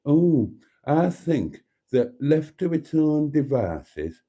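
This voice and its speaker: A man's voice: fairly high pitch, very animated, takes it slowly, warm tone, voice pushed up, exaggerated voice. A man putting on the voice of a rambling, ponderous man who muses aloud about trivial things. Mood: pondering. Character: rambling, ponderous man musing over breakfast.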